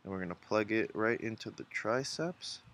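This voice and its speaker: A man's voice: lowish voice, animated, normal speed, a bit bright. A man hosting a casual drawing tutorial, chatty and encouraging, thinking aloud as he sketches. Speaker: art tutorial host.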